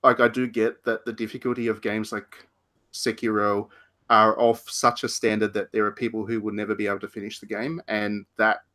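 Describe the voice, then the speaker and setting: A man's voice: fairly low pitch, level tone, a little fast, pushed and bright. A man co-hosting a podcast, chatting casually about video games with frequent restarts and laughs. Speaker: podcast co-host. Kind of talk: casual game discussion.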